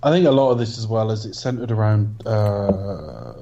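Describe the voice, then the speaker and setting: A man's voice: fairly low pitch, animated, moderate pace, creaky, dark tone. A man co-hosting a casual film review podcast, giving blunt, dismissive opinions with the odd swear. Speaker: podcast co-host. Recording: dull lo-fi podcast audio.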